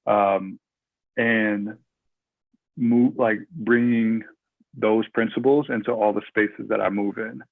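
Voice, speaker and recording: A man's voice: on the low side, fairly even intonation, slow, vocal fry, pauses often. A man from Minnesota talks casually as a podcast guest, rambling and full of fillers and restarts. His voice comes through a thin, tinny remote line. The sound is dry, with no room echo. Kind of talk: casual interview chat.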